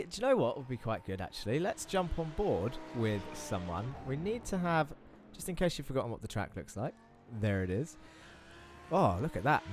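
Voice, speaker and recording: A man commentating a sim racing broadcast in a chatty, enthusiastic way, talking viewers through the track turn by turn. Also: mid-range voice. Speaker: race commentator.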